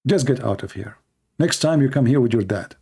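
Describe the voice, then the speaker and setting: Combative man with a dark voice. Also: mid-range voice, animated, a little fast, gravelly, slightly rough. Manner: combative, mocking, rambling. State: tired voice after hours of talking. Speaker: livestream host. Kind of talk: unscripted livestream monologue.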